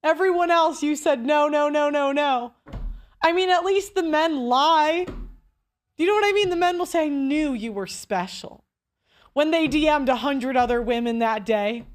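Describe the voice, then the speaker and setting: A woman's voice: high voice, normal speed. A woman hosting a commentary show, reacting to a speech with blunt, crude mockery. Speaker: commentary host.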